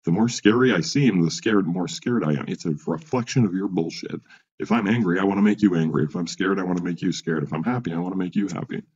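A man's voice: deep voice, fast, darkish tone, dull audio. A man ranting in a rambling, profane monologue, full of restarts and asides, as a vlogger.

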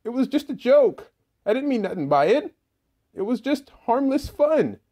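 A man doing a squeaky whiny taffy candy character. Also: very animated, normal speed, mellow, heavily acted. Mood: panicky whine. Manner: high, squeaky, frantic.

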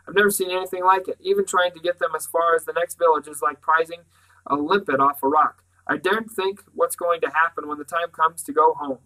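A cheerful, hearty father, as a man reading a storybook puts him on. The voice is bright and fairly high for a man, and brisk when he gets going. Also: steady tone, rough recording.

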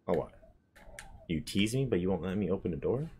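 A man's voice: deep voice, animated, brisk, long pauses, warm tone, slightly rough. A man giving casual, swearing commentary while playing a horror game and chatting with a viewer. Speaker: gamer streaming a horror game.

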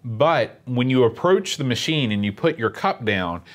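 A man chats casually, in an easygoing, self-mocking way. He has a plain, middle-pitched voice and unhurried phrasing. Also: lively intonation. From West Virginia. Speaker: podcast co-host. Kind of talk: casual chat.

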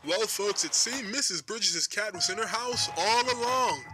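A creepy TV news anchor, played by a man, speaks in a bright, cheery newsreader cadence that hides something sinister. His voice sits a little high. Music plays beneath him throughout. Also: measured pace, low-quality recording. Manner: cheery newsreader tone turning menacing.

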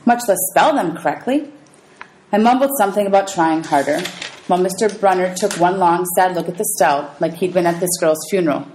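Woman, teacher, read-aloud of a novel for students; lowish voice, pitch goes up for the dialogue. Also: a little fast, darkish tone, a little hiss or hum, rough recording. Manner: reads dialogue with raised pitch for characters, calls out page numbers.

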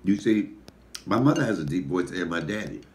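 A man with a deep voice, hosting a casual mukbang and telling animated, profane stories while he eats. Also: a little fast. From Detroit, USA. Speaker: comedian and mukbang host. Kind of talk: casual storytelling while eating.

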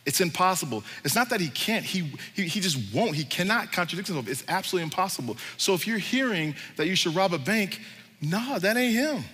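Casual, slangy male pastor preaching; bright voice, long echo of a church hall. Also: high-pitched, lively intonation, quick pace, few pauses, breathy edge. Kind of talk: sermon.

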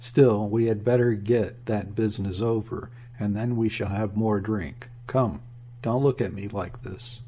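A man's voice: lowish voice, steady tone, a little slow, dark tone, slight background noise, natural voice. A man voicing a polite young naval lieutenant who speaks formally and soothingly. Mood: coaxing.

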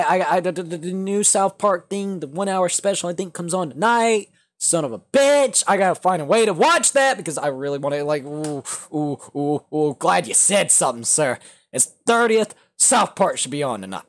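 A young man hosting a casual livestream, reading chat aloud and answering viewers, shifting from mumbled asides to loud excited outbursts. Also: fairly high pitch, brisk. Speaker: livestream host.

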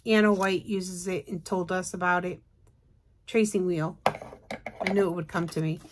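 A woman hosts a craft video in a relaxed, rambling way, full of fillers and little restarts. She sounds tired and keeps yawning as she chats to her viewers. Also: fairly low pitch, a little slow. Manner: chatty, rambling, with many fillers. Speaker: craft channel host. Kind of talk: casual show-and-tell chat.

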